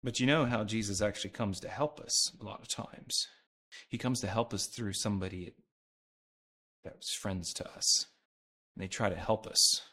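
A man's voice: lowish voice, normal speed, sharp tone. A man preaching a sermon, talking earnestly and conversationally and often restarting his sentences. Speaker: pastor.

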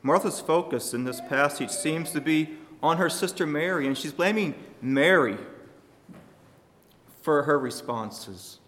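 A man preaching a sermon to his congregation, speaking emphatically and shifting his loudness for emphasis. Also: on the high side, lively intonation, unhurried, long reverb tail, a little hiss or hum.

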